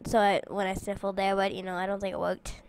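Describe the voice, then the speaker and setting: A woman chatting playfully through a game with her siblings, excitable and prone to yelps and shouts. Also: mid-range voice, fast, a little hiss or hum. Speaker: gamer playing with her siblings. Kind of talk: casual gameplay chat. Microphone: desk microphone.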